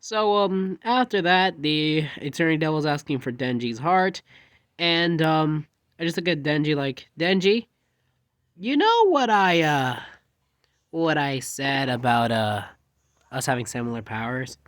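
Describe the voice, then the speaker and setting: A man's voice: a little high, unhurried, a bit bright, dry recording, clean studio sound. A man casually telling a rambling fan story, jumping animatedly into quoted dialogue.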